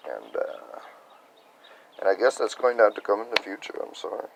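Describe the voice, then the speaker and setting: A young man talking in a rambling personal video diary about spiritual reflections, sounding congested and tired, soft-spoken and hesitant. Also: lowish voice, lively intonation, normal speed, gravelly, pauses often, slight background noise, rough recording. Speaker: vlogger sharing spiritual reflections.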